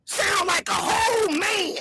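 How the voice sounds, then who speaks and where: A woman hosting a livestream, loudly hurling mocking insults in a shouting rant. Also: very high voice, measured pace, a little hiss or hum. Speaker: livestream host.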